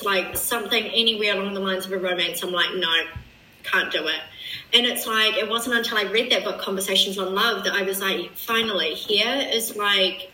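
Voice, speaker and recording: A woman's voice: mid-range voice, pushed and bright, reverberant, distant mic, low-quality recording. A woman from New Zealand, a podcast guest chatting casually and rambling with lots of filler words. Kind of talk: casual chat.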